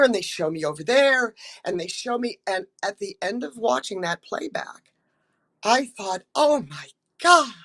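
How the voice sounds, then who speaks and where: A woman's voice: on the high side, fairly bright tone. Chatty older woman telling stories. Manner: chatty, many ums and restarts, acts out quotes. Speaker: actress, interview guest. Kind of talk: casual interview storytelling.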